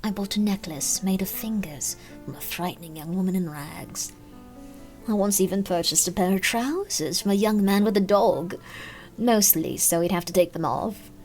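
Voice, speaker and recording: A woman voicing an ancient, decaying old shopkeeper woman with a put-on British accent, speaking low and half-whispered. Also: moderate pace, darkish tone, soft background music, close to an everyday voice. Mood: wry.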